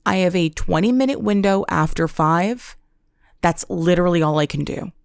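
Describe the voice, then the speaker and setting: A young woman on a podcast spins a comic rant with deadpan drama and self-mocking overstatement. Her voice has a gravelly fry, and the close mic sounds dry and intimate. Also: fairly low pitch, normal speed, dry recording. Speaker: podcast host. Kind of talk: comedic monologue.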